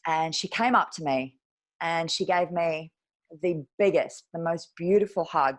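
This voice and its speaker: A woman with a notably low voice recounts her own story as an interview guest. She talks candidly and with feeling, and lets a swear word slip now and then. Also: a little slow. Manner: frank, emotional, drops the odd swear. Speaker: guest, personal trainer.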